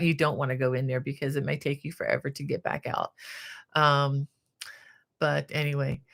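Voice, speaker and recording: Low-voiced woman in her sixties. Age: 60s. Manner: chatty, warm-hearted, many fillers and restarts. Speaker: crochet channel host. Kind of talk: casual live-stream chat reading viewer comments.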